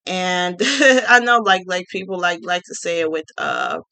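A woman's voice: lowish voice, huge pitch swings, a little slow, sharp tone. A young woman from the Midwest, ranting casually in a blunt, sarcastic, profane way and laughing often. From Gary, Indiana. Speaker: vlogger.

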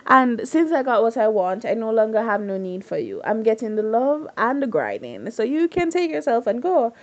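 A woman voicing a cold, scheming father bent on revenge, speaking slowly in a low, menacing way. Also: big pitch swings, highs cut off. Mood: dismissive.

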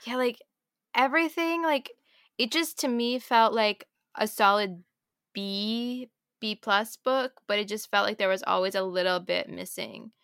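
A woman's voice: medium pitch, unhurried, fairly bright tone, clear, resonant tone, no room sound, clean studio sound. An American woman co-hosting a podcast, chatting casually about books in a rambling, giggly way. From United States. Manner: rambling, self-interrupting, giggly. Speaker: podcast co-host. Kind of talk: casual book chat.

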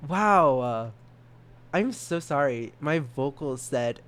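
A man's voice: fairly high pitch, animated, takes it slowly, fairly bright tone. A young man hosting a solo podcast, rambling and giggling at himself, with a stutter. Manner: rambling, giggly, self-mocking. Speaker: podcast host.

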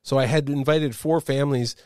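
A man's voice: medium pitch, fairly even intonation, brisk, a little mellow, clear, resonant tone, no room sound, studio quality. A man from Canada hosting a podcast, telling stories in casual chat and laughing easily. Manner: chatty storyteller, laughs easily. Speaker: podcast host.

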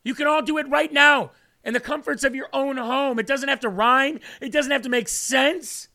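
A man's voice: very high voice, normal speed, bright, forceful tone. A man hosting a livestream devotional, talking fervently and reading viewer comments aloud. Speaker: online preacher.

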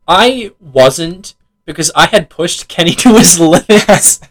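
A man's voice: a little high, expressive, slow, rough recording. A young man co-hosting a casual podcast about video games, laughing often, swearing freely and acting out game dialogue. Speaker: podcast co-host.

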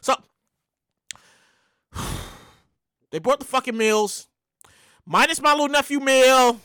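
A woman hosting a show, telling a profane, animated story in a rant that keeps bursting into shouts. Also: sits high, slow, clean tone, dry recording, clean studio sound. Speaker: show host.

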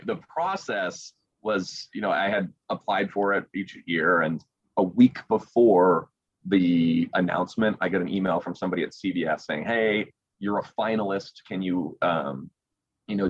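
A young man, a sports broadcaster, excitedly retelling a story as an interview guest over a video call, acting out quotes as he goes. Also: sits low, slightly rough, no room sound, muffled recording. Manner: animated, excited retelling with quick acted quotes.

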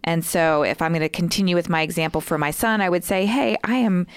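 Low-pitched woman walking thru steps, measured, lots of um, smooth clear tone. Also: steady tone, dry recording, studio quality. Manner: measured, with frequent um fillers. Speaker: co-host explaining a communication tool. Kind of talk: explaining casually with role-play examples.

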